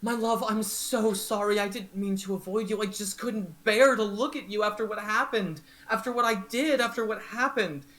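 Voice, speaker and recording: A woman voicing a lovestruck fairy performer, speaking high and emotionally. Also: normal speed, hardly any pauses, fairly bright tone, lightly acted. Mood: remorseful.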